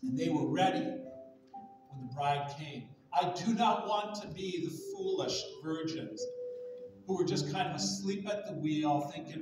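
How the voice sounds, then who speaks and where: A male pastor preaching a sermon with passion, swinging from near shouts to soft, hushed tones. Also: a little high, lively intonation, measured pace, over loud music. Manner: impassioned, rising to near shouts, then dropping soft and hushed. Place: large church sanctuary. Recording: echoey room audio from a distant mic.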